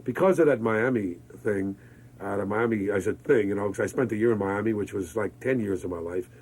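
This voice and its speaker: A man, telling lively stories as a guest in an interview. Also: fairly low pitch, fairly quick, slightly rough, poor audio. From Brooklyn, New York. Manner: energetic, exuberant storyteller. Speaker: radio disc jockey, guest. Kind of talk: interview conversation.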